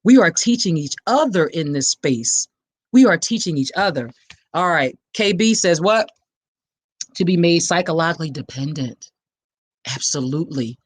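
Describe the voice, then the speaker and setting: During a live-streamed awareness talk where she reads comments, a podcast host and survivor advocate preaches passionately to her listeners. Her lowish voice is slightly rough, with lively intonation and a moderate pace.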